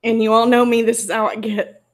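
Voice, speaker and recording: A woman vlogger talks straight to her viewers in an angry, emotional commentary. Her voice sits a little high and keeps a tearful, indignant edge, as if she is holding back crying. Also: flat delivery, brisk. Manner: emotional, indignant, close to tears. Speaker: YouTuber.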